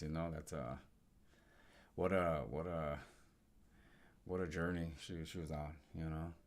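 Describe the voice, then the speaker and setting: A man co-hosting a live stream, talking casually and haltingly with many pauses and restarts. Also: low voice, darkish tone. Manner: halting, full of fillers and restarts. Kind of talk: casual live reaction chat.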